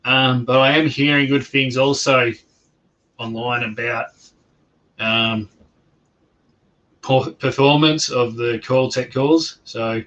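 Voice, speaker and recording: An Australian man hosting a casual livestream, chatting in a slow and rambling way with many fillers and restarts. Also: mid-range voice, fairly even intonation, fairly bright tone, highs cut off. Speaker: livestream host. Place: home during lockdown.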